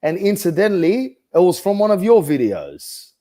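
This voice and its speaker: A middle-aged man with an Australian accent, talking in a deadpan, rambling, mock-serious way as a comedic real estate agent in an interview. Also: high voice, normal speed.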